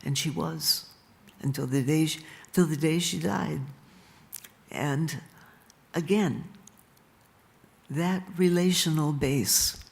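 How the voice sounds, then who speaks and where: Slow, gravelly older woman telling stories. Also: low-pitched. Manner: slow and unhurried, with soft laughs. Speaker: speaker at a live talk. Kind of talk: storytelling at a live event. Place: stage in a large venue.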